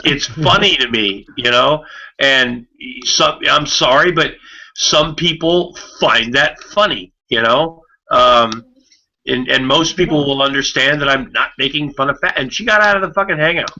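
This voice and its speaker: Bright-voiced man rambling in casual chat. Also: mid-range voice, unhurried. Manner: rambling, profane, many fillers and restarts. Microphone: online video call. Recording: muffled online call audio.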